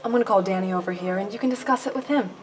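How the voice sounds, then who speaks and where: An actress playing a curt, sarcastic office clerk who brushes off customers. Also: female voice, medium pitch, very fast, noisy background, close to an everyday voice.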